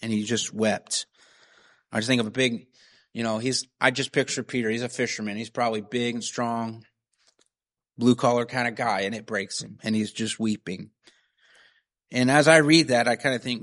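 A man's voice: mid-range voice, steady tone, moderate pace, a bit bright. Earnest conversational male preacher. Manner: earnest, conversational, frequent "right?" and "you know". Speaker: pastor. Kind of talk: sermon.

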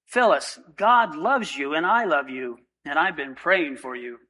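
A man's voice: on the high side, lively intonation, a little slow, husky, exaggerated voice, rough recording. A man voicing a cheerful, devout elderly woman. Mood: earnest. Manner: earnest, warmly insistent.

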